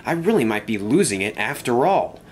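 A man's voice: medium pitch, sing-song, moderate pace, a little hiss or hum, lightly acted. A man voicing an anxious, sentimental male steam engine who talks in a plaintive, fretful way. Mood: flustered.

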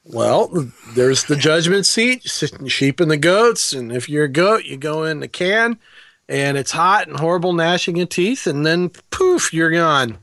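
A man's voice: on the high side, animated, a little slow, fairly bright tone, no room sound. A man who preaches, rambling through jokes and stories in casual banter. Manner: joking, rambling storyteller. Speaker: preacher and guest.

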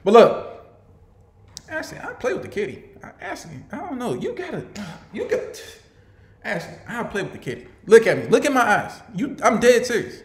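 A young man giving casual reaction commentary, animated and swearing, laughing often and stumbling over repeated words. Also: extremely high pitch, normal speed. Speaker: reaction video host. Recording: roomy echo.

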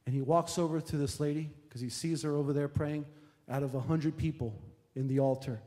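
Casting: male pastor, fairly high voice, emphatic building sermon in an echoey church hall. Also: steady tone, brisk. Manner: emphatic, repetitive preaching that builds to shouts. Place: church sanctuary.

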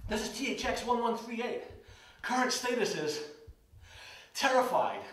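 A frightened small-plane pilot, played by a man, calls in an urgent report in a high, strained voice. The sound is roomy and heavily echoing, picked up from well away from the mic. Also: fairly bright tone, full character voice. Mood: terrified. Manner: urgent, anxious radio report. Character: panicked small-plane pilot, male adult, out of his depth. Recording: echoey room, mic far off.

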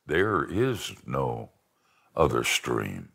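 A man's voice: rumbling low, very animated, drawn-out words, creaky, a bit bright, slightly rough, pitched below the performer's own voice, full character voice. An older man voicing a great, stern male lion in a sermon story, giving terse, solemn replies.

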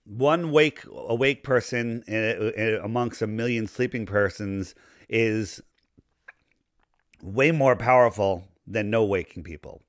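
Man with a voice going hoarse. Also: fairly low pitch, takes it slowly, no echo, studio quality. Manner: rambling, animated conspiracy talk. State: losing his voice. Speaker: podcast guest. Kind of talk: casual podcast conversation.

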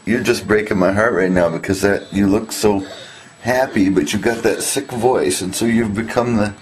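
A father gently coaxing and teasing his small child in a home video. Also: lowish voice, fairly even intonation, normal speed, low-quality recording.

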